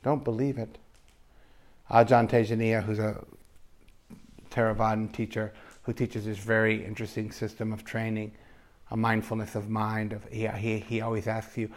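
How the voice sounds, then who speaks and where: Low gravelly-voiced meditation teacher. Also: male voice, fairly even intonation, moderate pace, pauses often. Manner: conversational, drifts into soft asides and playful self-quotes. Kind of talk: dharma talk at a retreat.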